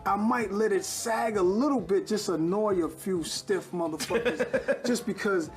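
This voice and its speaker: A man's voice: high voice, measured pace, soft background music. A middle-aged man, a rapper being interviewed, speaking bluntly and emphatically with profanity. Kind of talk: rap verse then candid interview talk.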